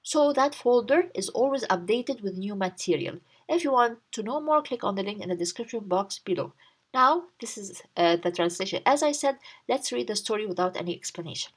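A woman's voice: medium pitch, animated, brisk, breathy edge. A woman teaching a language by reading a short story aloud and explaining each word and phrase. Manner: reads a line, then translates and breaks down each word.

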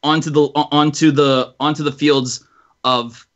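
Male co-host, rambling storyteller, slightly high voice, dull podcast sound. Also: little pitch movement, a little slow, fairly bright tone. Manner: rambling, long-winded storytelling. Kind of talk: casual chat. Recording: lo-fi podcast audio.

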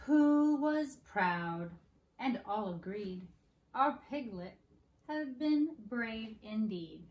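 Slow sing-song woman reading to kids. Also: a little high, animated, reverberant, dull audio. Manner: slow, sing-song, playful animal noises. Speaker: preschool story time host. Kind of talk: reading picture books aloud to children.

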